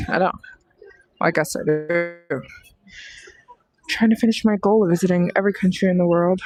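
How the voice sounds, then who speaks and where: A woman's voice: lowish voice, low-quality recording. A woman vlogger chatting casually on a phone livestream as she walks outdoors, rambling and sometimes dropping to a whisper. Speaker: travel vlogger. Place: outdoors on city streets and temple grounds. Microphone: handheld phone.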